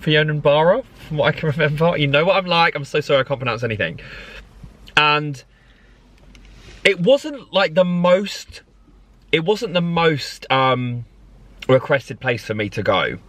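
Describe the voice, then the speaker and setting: A man's voice: on the high side, a little slow, pauses often, dry recording. A man, talking casually and rambling with lots of laughs in a vlog from his car. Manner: animated, rambling, laughs often. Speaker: vlogger.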